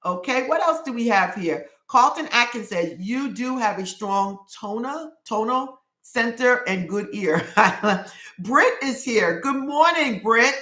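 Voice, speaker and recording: A woman chats through a livestream, reading viewer comments aloud. She is effusive and keeps repeating her praise. Her voice is bright and forceful, and it echoes in the room. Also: fairly high pitch, expressive, unhurried. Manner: effusive, repeats "I love it" often. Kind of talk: casual livestream chat.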